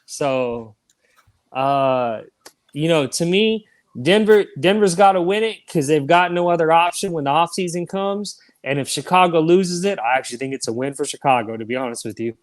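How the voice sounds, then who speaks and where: A man's voice: fairly high pitch, lively intonation, moderate pace. Emphatic man debating football. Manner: emphatic, repeats points for stress. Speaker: sports podcast co-host. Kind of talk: casual sports debate.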